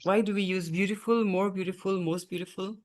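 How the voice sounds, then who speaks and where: A woman's voice: mid-range voice, fairly even intonation, brisk, noisy background. A woman teaching a grammar lesson in class, explaining patiently and often checking that students follow. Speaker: English teacher.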